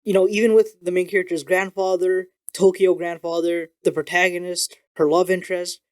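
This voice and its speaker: A man chats through a manga review in a loose, excitable vlog style, dropping casual curses along the way. He talks quickly, the words tumbling out, and his voice sits a little above the usual male pitch. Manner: animated and excitable, swears casually. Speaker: video creator reviewing manga.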